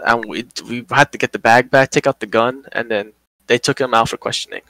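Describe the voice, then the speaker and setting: A man's voice: mid-range voice, fairly quick, dry recording, rough recording. Young man telling a story, swearing a lot. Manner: animated, swears a lot, acts out quotes. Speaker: podcast host telling a work story. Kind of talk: casual storytelling chat.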